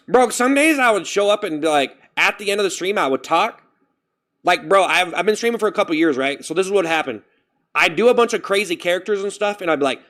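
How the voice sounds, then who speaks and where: A man chatting on his live stream, rambling and animated, breaking off to thank viewers for donations. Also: fairly high pitch, fairly quick. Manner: rambling, animated, jumps to loud self-scolding; reads out and thanks chat donations. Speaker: livestreamer. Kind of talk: casual stream chat.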